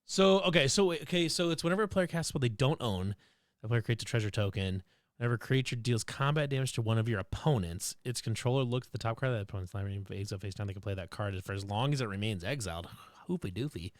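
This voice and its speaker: A man's voice: medium pitch, fast, no echo, clean studio sound. A man co-hosting a casual streamed chat, rambling and giggling, often repeating himself. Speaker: co-host.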